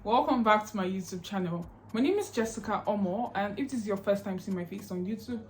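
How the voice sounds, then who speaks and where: A woman's voice: medium pitch, expressive, a little fast, slight background noise. A young woman talking casually to camera in an advice vlog, chatty and emphatic, often repeating herself. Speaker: YouTube vlogger.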